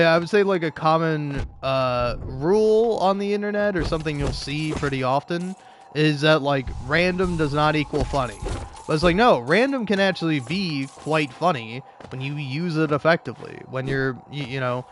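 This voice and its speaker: A man's voice: a little high, animated, normal speed, slight background noise. A man hosting a commentary video, ranting with lots of swearing and stammered restarts as he reacts to online comics. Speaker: commentary host.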